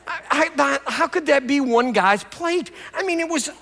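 An older male pastor delivers a sermon in a high-pitched voice. He tells stories with animated swings between quiet asides and loud outbursts. His voice carries a long reverb from a large sanctuary. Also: moderate pace, vocal fry, a little hiss or hum.

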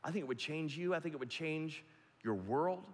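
A man's voice: fairly high pitch, expressive, normal speed. Emphatic preaching man in echoing hall. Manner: emphatic, repetitive preaching with big swings in loudness. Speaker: pastor. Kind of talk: sermon. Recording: long hall reverb.

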